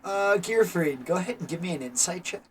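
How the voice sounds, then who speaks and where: A game master running a tabletop session, giving rulings in a brisk, procedural way. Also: medium pitch, animated, slight background noise.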